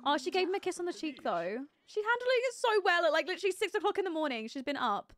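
A woman streaming a life-sim game live, chatting casually and thinking aloud, with sudden excited outbursts. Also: sits high, fast, dry recording, clean studio sound. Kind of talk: live gameplay commentary.

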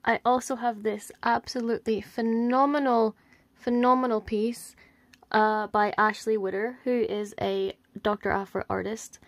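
A young woman shows off her collection in a casual show-and-tell vlog, gushing with enthusiasm and full of ums and repeated words. Her voice sits on the high side with fairly even intonation, and she talks a little slowly, sounding slightly out of breath. The recording is dry.

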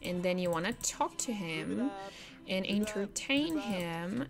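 Slow-talking woman commenting on gameplay. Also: medium pitch, expressive, vocal fry. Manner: chatty, talks to the game characters, laughs often.

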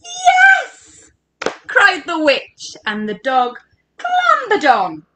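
English woman, children's workshop reader, high bright voice, slow and lively. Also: a little hiss or hum. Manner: animated, coaxing children to join in. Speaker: education workshop leader. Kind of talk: interactive read-aloud for children. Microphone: home recording for online workshop.

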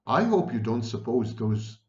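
Scornful know-it-all twin voiced by a man, animated, roomy sound. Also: medium pitch, measured pace, highs cut off. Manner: scornful, lecturing.

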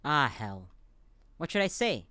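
A man playing a dialogue-heavy game, reading the lines aloud and reacting between them with quick, playful asides. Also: a little high, very animated, pushed and bright, no room sound. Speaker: let's play gamer.

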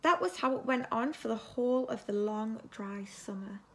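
The recording is very noisy: a teacher with a voice on the high side is reading a children's story aloud with lots of expression. She goes at a moderate pace and sometimes turns to ask the kids questions.

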